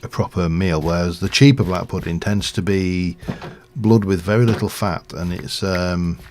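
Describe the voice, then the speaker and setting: Deep gravelly rambling man. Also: fairly even intonation, normal speed, darkish tone, a little hiss or hum. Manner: rambling, chatty, with fillers and chuckles. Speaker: live streamer. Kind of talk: casual chat while playing a game.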